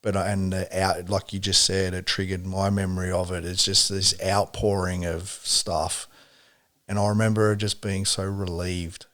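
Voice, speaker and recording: A man hosting a podcast, asking calm, sympathetic questions and sharing his own story. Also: low-pitched, moderate pace. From Australia. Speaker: podcast host. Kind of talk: casual interview talk.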